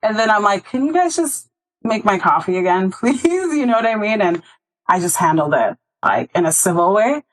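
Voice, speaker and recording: A woman's voice: mid-range voice, moderate pace, rough recording. A woman hosting a podcast, telling stories in casual chat and acting out the quoted voices. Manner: animated storyteller acting out quotes. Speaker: podcast host.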